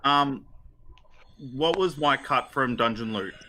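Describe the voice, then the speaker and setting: A man's voice: mid-range voice, slow, noisy background. A man playing a tabletop game, chatting casually and hesitating with ums. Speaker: player.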